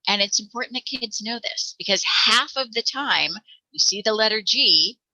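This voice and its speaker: A woman's voice: on the high side, animated, moderate pace, sharp tone, no echo, poor audio. An American woman teaching parents letter sounds, patiently demonstrating each one aloud. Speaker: reading teacher.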